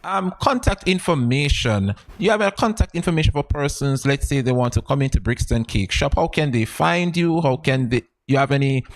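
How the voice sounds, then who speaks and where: A man's voice: mid-range voice, animated, normal speed, few pauses. A man from Saint Kitts co-hosting a morning talk show, agreeable and often repeating his assent. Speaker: co-host.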